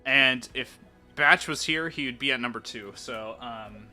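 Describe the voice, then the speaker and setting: A man's voice: medium pitch, unhurried, bright, forceful tone, faint music behind. A young man running a tabletop game session on stream, talking casually and laughing with his players. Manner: laid-back, laughing, loose. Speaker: game master.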